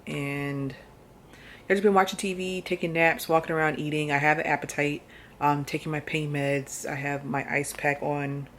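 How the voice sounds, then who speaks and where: Soft-spoken woman, hesitant vlog talk. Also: low-pitched, slight background noise. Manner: soft, hesitant, full of fillers and pauses. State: nervous, close to tears before surgery. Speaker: vlogger. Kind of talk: casual personal vlog.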